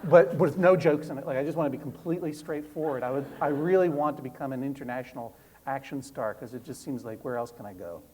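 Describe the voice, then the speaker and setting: A man's voice: medium pitch, fast, a little mellow, a little hiss or hum. A man who is a guest author on stage, talking in a rambling, self-mocking way with lots of restarts. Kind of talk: live stage conversation. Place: stage before a live audience.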